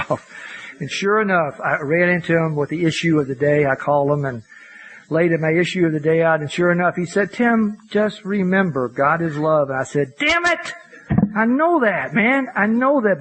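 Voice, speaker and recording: A man's voice: on the high side, fairly bright tone, poor audio. Folksy older man telling his story. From Louisville, Kentucky. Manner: folksy storytelling, frequent "you know" and self-mocking laughs. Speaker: AA speaker. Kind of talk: recovery meeting talk.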